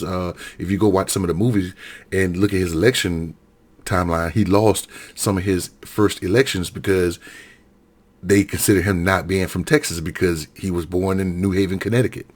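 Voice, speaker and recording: A middle-aged man from Alabama giving a heated solo rant, often repeating and correcting himself. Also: low voice. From Alabama, USA. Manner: heated, repetitive, self-correcting. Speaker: political commentator.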